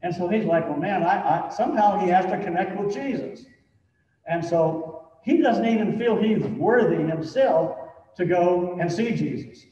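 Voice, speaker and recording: A man's voice: sits high, normal speed, dark tone. A man preaching a sermon as pastor, talking in a conversational way with many "you know"s and building to emphatic points. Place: church sanctuary. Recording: echoey church hall from far off, dull sound.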